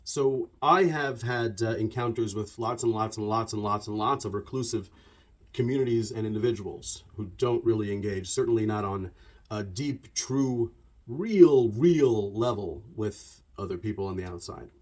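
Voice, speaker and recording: A man delivering a conversational storytelling monologue about religion. He talks in an animated, digressive way and piles up repeated words. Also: on the low side, moderate pace. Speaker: religious commentator.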